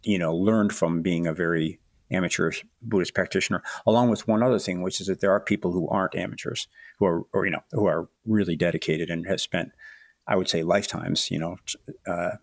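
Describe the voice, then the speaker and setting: Deep gravelly man, thoughtful and halting. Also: steady tone, no room sound, studio quality. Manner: thoughtful, halting, many restarts and "you know"s. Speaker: author guest. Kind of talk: reflective interview talk.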